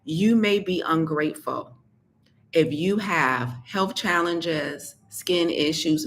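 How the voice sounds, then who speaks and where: A woman's voice: low-pitched, a bit bright. A woman health coach talking straight to her listeners, sassy and emphatic, repeating points for effect. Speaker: health coach and podcast host. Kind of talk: direct-to-listener motivational talk.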